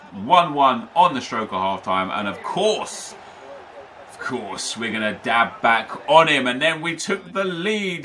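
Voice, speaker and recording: A man's voice: mid-range voice, pushed and bright, slight background noise. A young man giving casual play-by-play commentary over his own football video game matches, chatty with frequent fillers. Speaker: gaming commentator.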